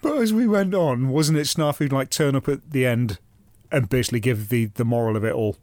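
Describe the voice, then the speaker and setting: A man's voice: mid-range voice, brisk, darkish tone, no room sound, studio quality. A man hosting a podcast, moving between scripted narration and wry, lightly sweary chat. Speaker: podcast host.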